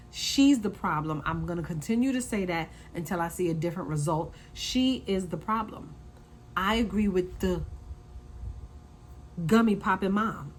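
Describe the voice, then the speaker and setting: A woman hosting a casual recap, talking in an animated way, repeating her points and acting out quotes. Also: medium pitch, a little hiss or hum, low-quality recording. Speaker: reality TV recap host.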